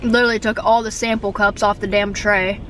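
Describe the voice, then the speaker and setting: A woman's voice: medium pitch, flat delivery, fairly quick, fairly bright tone. A young woman vlogging casually with a Midwestern Ohio accent, chatty and giggly, swearing now and then. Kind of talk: casual vlog chat. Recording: background noise.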